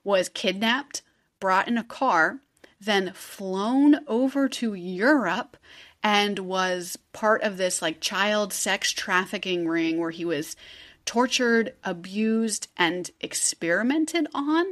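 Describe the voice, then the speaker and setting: A woman's voice: mid-range voice, takes it slowly, fairly bright tone. Woman, podcast host, casual storytelling, chatty, swears. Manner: chatty, swears, acts out quotes. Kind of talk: casual true-crime podcast chat.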